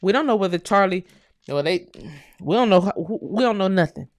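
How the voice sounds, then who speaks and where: A fiery, profane American woman hosts a heated live-stream rant in an animated, mid-range voice at normal speed. She's emphatic and repeats phrases, and the recording is dry, with no room sound.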